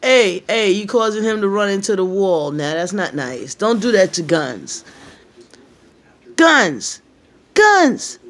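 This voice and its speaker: A woman's voice: mid-range voice, moderate pace, hardly any pauses. A woman filming her dogs at play, chatting casually, laughing, and cooing at them. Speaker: dog owner filming her pets. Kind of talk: casual home video commentary.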